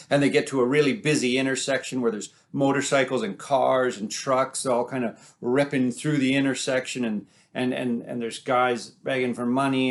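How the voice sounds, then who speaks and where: A man telling folk tales aloud, animated and dramatic, building up and dropping his volume. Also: medium pitch. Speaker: storyteller. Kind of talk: oral folk-tale storytelling.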